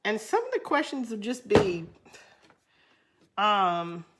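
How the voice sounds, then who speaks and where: A woman's voice: medium pitch, sing-song, slow, very noisy. Chatty Southern woman crafting. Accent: Southern American. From Southern United States. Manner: chatty, laughs often, drawling. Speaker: craft video host. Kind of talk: casual chat while crafting, reading viewer comments.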